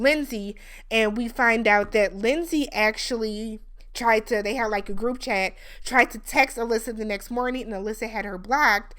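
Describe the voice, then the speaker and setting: A woman's voice: a little high, a bit bright, clean tone. A woman hosting a reality TV recap, talking in a chatty, opinionated way with lots of fillers. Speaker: recap show host. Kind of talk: casual TV recap commentary.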